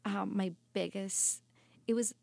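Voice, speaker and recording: Speaking slowly on a podcast, this woman, a life coach, gives an emotional, earnest personal testimony and keeps starting her sentences over. Her medium-pitched voice is steady, creaky and somewhat dark, with no room sound at all.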